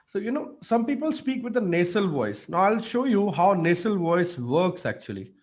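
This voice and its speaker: A man coaching public speaking in an online mentorship session, energetic and demonstrative with many fillers. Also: sits high, normal speed.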